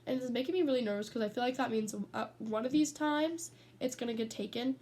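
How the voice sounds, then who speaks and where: A woman's voice: on the high side, fast talker, a little mellow, a little hiss or hum. A teenage girl rambling casually, telling stories and swearing freely, speaking from her bedroom. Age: teens. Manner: chatty, sidetracked, swears freely. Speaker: vlogger. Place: bedroom at home.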